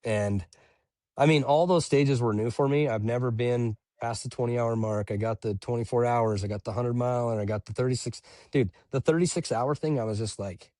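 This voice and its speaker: A man's voice: mid-range voice, fairly quick, mellow, no echo. Man, young adult, laid-back, slangy, casual storytelling, dry recording. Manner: laid-back, says "dude" and "bro" a lot. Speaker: podcast guest, ultramarathon runner.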